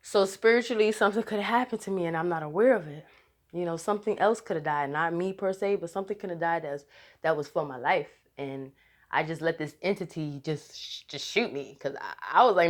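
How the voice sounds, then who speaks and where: A woman's voice: fairly low pitch, brisk. A woman telling a rambling, casual story to her viewers, laughing often and restarting her sentences. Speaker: vlogger.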